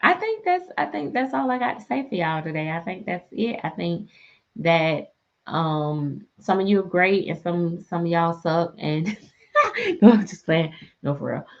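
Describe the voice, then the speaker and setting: Chatty lo-fi woman storyteller, low-voiced. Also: sing-song, unhurried, vocal fry. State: sleepy. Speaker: reborn doll artist and live streamer. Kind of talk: casual live-stream chat. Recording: dull lo-fi live-stream audio.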